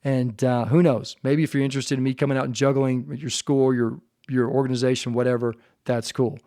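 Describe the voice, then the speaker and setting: A man hosting a podcast, talking earnestly and with deep feeling about his family and faith, at times choked up. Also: level tone, fairly quick, warm tone, dry recording, studio quality. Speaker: podcast host. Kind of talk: heartfelt faith-based podcast monologue.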